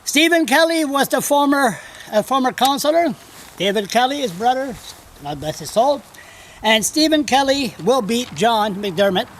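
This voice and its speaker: High-voiced blunt rambling male blogger. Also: lively intonation, moderate pace, fairly bright tone, a little hiss or hum. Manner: rambling, blunt and digressive, with profanity. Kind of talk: off-the-cuff video commentary. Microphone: camera held by another person.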